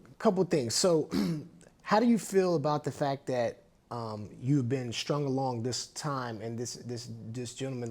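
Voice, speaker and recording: A man's voice: medium pitch, darkish tone. A man hosting a podcast, asking plain questions in a casual interview and putting in short replies. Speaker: podcast host.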